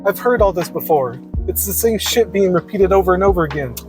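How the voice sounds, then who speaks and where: A man with a high-pitched voice talks in a blunt, preachy monologue and swears freely. Music plays clearly behind him. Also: lively intonation, a little fast. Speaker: podcaster. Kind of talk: casual monologue.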